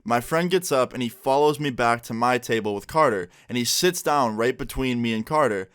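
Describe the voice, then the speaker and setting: A man's voice: mid-range voice, moderate pace, a bit bright, clear, resonant tone. A young man tells a story from his school days for a vlog. He speaks casually and with animation, and he swears freely. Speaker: YouTuber.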